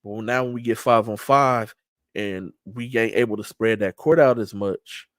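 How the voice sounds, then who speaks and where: A middle-aged man hosting a sports talk show speaks at a moderate pace in a fairly low voice, with emphatic, streetwise trash talk and frequent restarts. He's a show host and event organizer delivering a casual monologue, recorded at studio quality with no room sound.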